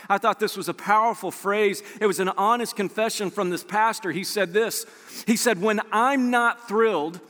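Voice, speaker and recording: A man preaching a sermon as a pastor, animated and conversational, acting out quoted voices as he tells stories. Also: high voice, in a large hall.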